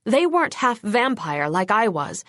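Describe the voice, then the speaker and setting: A woman's voice: medium pitch, very animated, moderate pace, a bit bright, dry recording, studio quality. Woman narrating a tense audiobook. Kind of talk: first-person audiobook narration.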